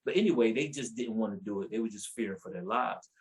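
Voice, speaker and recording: A man's voice: lowish voice, fast talker, rough recording. A man sharing his personal faith testimony on a podcast. He talks casually and colloquially, often repeats words, and livens up his story by acting out what people said. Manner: animated, acts out quotes with raised voice. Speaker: podcast guest.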